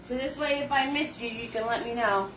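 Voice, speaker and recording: A woman leading a live painting lesson, chatty and warm with viewers, greeting them by name in sing-song hellos. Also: a little high, brisk, slight background noise. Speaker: painting instructor.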